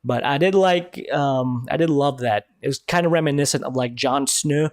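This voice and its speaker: A man hosting a live review stream, talking excitedly in casual commentary and swearing freely. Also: mid-range voice, moderate pace, few pauses, no room sound, clean studio sound.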